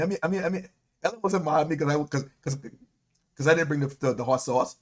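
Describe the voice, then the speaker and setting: A Caribbean-accented man preaching a sermon as a deacon, his voice sitting somewhat high. He talks in a lively, repetitive way, circling back on his words and chuckling between points. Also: normal speed, long pauses. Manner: animated, repetitive, laughing preacher.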